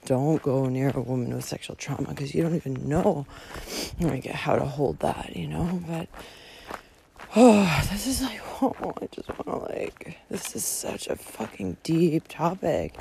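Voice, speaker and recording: A woman's voice: low-pitched, creaky, dark tone, a little hiss or hum. A woman talking through a personal monologue outdoors, candid and emotional, with frequent swearing and fillers. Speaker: podcast host hiking a long-distance trail.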